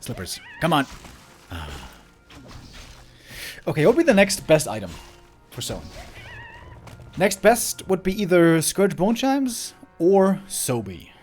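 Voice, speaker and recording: Chatty guy casting a game, voice jumps all over, bit high, faint music behind. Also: slow pace, long pauses. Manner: chatty, excitable, laughs often, rambles off-topic. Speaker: esports caster. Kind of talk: solo game commentary.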